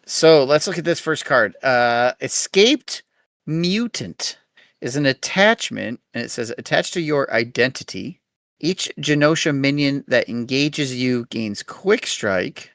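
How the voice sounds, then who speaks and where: A man's voice: mid-range voice, animated, slow, fairly bright tone, no echo, clean studio sound. A man hosting a podcast, easygoing and chatty, reading game cards aloud and thinking aloud. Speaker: podcast host.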